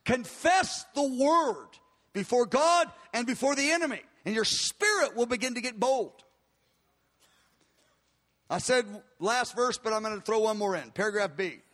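A man preaching a sermon with emphatic, repeated declarations, slowing down to stress key words. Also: extremely high pitch, animated, a bit bright, big-room sound.

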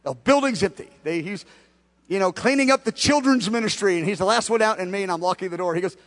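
A fast-talking pastor with a high voice tells a story during a sermon, animatedly acting out both sides of the conversations. The recording carries a long hall reverb.

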